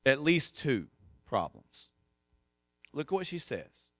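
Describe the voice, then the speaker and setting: A man's voice: a little high, sing-song, takes it slowly, fairly bright tone, no room sound, studio quality. A male pastor preaching a sermon in a conversational, emphatic way, with casual asides.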